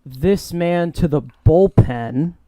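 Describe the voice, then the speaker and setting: A man on a casual sports panel, relaxed and laid-back. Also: fairly high pitch, takes it slowly, dry recording. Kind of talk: casual roundtable chat.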